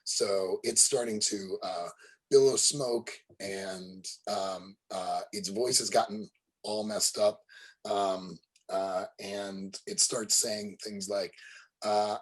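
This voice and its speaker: A man narrating a tabletop roleplaying game as its game master. He talks slowly and hesitantly, with a husky, slightly low voice. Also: fairly even intonation, rough recording. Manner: hesitant, full of ums and uhs.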